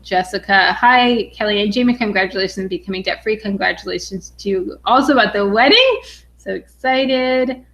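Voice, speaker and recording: A young adult woman from Western Massachusetts, a finance vlogger excitedly reading viewer comments on a casual live stream, with lots of "um"s. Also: medium pitch, moderate pace. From Western Massachusetts, USA. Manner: bubbly and excited, frequent "um"s.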